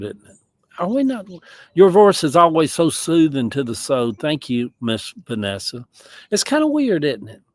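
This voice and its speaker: A man's voice: on the high side, no room sound. Southern man, folksy livestream chatter, rambling, dry close sound, outdoors. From American South. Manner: rambling, folksy, chuckling asides. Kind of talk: casual chat. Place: outdoors in a yard.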